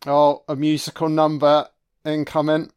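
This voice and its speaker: Slow, sarcastic man. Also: on the high side, completely flat delivery, clean tone. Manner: sarcastic, profane, jokey. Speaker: film commentary host. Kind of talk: casual audio commentary.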